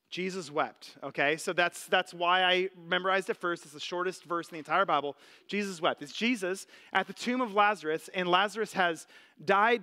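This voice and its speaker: A man's voice: sits high, pushed and bright. A man preaching a sermon in a conversational, earnest way, often saying "like". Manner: conversational, earnest, many "like" fillers. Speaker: pastor. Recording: long hall reverb.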